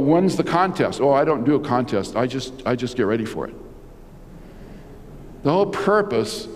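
A man's voice: medium pitch, darkish tone, in a large hall. An older man preaching a conversational sermon as a pastor, full of rhetorical questions and restarts. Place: church.

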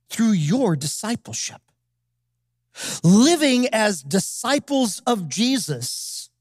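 A pastor preaching a sermon in a measured, emphatic way, with deliberate pauses between phrases. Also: mid-range voice, no room sound, clean studio sound.

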